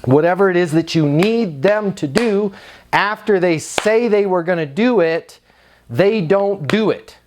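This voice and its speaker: Male sales coach, higher voice, energetic, acts out calls. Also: unhurried, noisy background. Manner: punchy, emphatic, acts out sample phone calls. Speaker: sales trainer. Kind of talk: energetic sales training talk.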